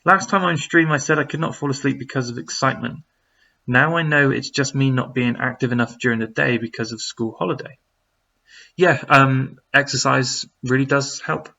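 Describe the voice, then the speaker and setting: A man's voice: mid-range voice, moderate pace, gravelly, sharp tone, lo-fi sound. A man who speaks, casually answering viewer questions on a live stream, rambling with lots of fillers as he reads the chat.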